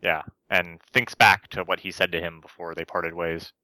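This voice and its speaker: A man co-hosting a casual chat, throwing in quick dry quips. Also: low-pitched, little pitch movement, bright, forceful tone, dry recording. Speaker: podcast co-host.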